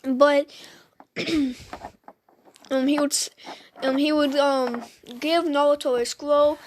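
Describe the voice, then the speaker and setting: A woman's voice: high-pitched, flat delivery, slow, a little hiss or hum. A woman casually retelling a fan story to her viewers, hesitant and full of "um"s and restarts, chatting straight at the audience.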